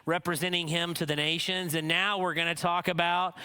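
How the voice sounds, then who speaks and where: A man's voice: on the high side, flat delivery, fairly quick, sharp tone, clear, resonant tone. A man preaching at a missions conference, telling a family story and acting out its quotes. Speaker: conference speaker. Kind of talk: sermon.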